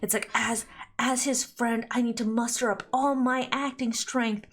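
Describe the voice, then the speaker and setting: A woman's voice: fairly even intonation, a little slow. A young woman streaming a game, chatting and reading dialogue aloud, often breaking into laughter. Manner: giggly, rambling, often breaks into high laughter.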